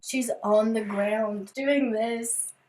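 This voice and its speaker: A young woman vlogger telling a storytime tale in a casual, animated way, acting out the dramatic moments. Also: on the high side, drawn-out words, loud music behind the voice.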